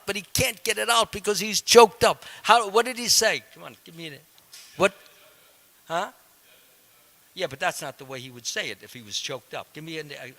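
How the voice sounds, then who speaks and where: Bright-voiced man teaching a scripture class. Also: high-pitched. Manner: conversational, explains step by step and quizzes the audience. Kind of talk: devotional scripture lecture. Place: temple hall.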